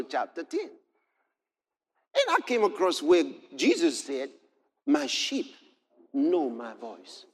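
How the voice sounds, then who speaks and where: A man preaching a sermon, moving from quiet storytelling to shouted exclamations. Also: fairly high pitch.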